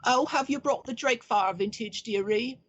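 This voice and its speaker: Man playing a portly old woman servant, coy, teasing, higher voice, dull lo-fi sound. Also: moderate pace, breathy edge. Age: older. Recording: dull lo-fi recording.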